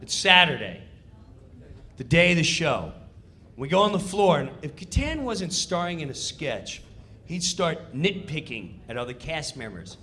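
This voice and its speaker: Casting: middle-aged comedian, bright, lively storytelling voice, loud and animated. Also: male voice, on the high side, measured pace. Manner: animated, loud, acting out scenes. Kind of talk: stand-up storytelling.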